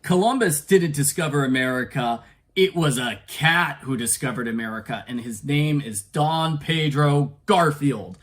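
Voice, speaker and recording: A lazy, food-loving cartoon tomcat, which a man reads out in passing. He talks in an offhand, casual way with a slightly high male voice. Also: a little slow, natural voice. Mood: indignant.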